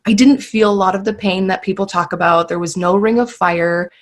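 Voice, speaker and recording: A woman's voice: medium pitch, steady tone, brisk. Earnest woman telling a personal story. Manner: earnest, emotional, many fillers. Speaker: guest sharing birth story. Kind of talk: podcast interview storytelling.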